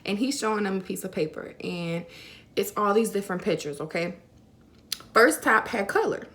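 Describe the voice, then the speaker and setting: A woman's voice: medium pitch, animated, moderate pace, a bit bright. A young woman vlogger casually telling a personal story to camera, filling her talk with "like" and "you know.". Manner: chatty, many fillers like "like" and "you know".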